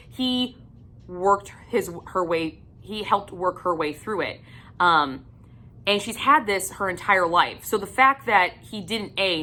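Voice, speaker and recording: A woman's voice: on the low side, pushed and bright. A woman giving a casual, blunt and profane book review, venting in exasperated rants.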